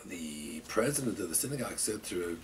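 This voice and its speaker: A man teaching as rabbi in a weekly Torah class, telling stories in an animated way with frequent repetitions. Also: low-pitched, a little fast, a little hiss or hum. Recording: distant mic in a room.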